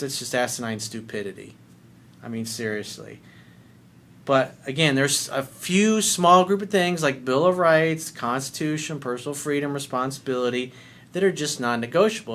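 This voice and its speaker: A man's voice: medium pitch, a bit bright. Blunt, emphatic male coach. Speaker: dating and life coach. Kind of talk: video coaching monologue.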